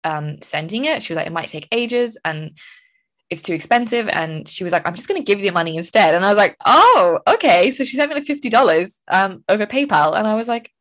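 A young woman from Ireland hosting a casual solo podcast, telling stories in a chatty, animated way with frequent laughs. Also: mid-range voice, quick pace. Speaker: podcast host.

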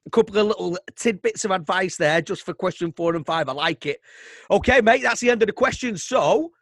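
A man's voice: high voice, brisk, fairly bright tone. A man with a Mancunian accent hosting a podcast, chummy and agreeable in casual chat. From Manchester, England. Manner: chummy, agreeable, laughs easily. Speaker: podcast host.

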